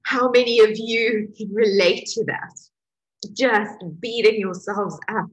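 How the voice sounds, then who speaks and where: A middle-aged woman speaks as the teacher of her own healing course, recounting a personal story with feeling and frequent laughter. Her voice sits a little high and has a husky, breathy edge. Her delivery is animated and emotional. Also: unhurried, low-quality recording.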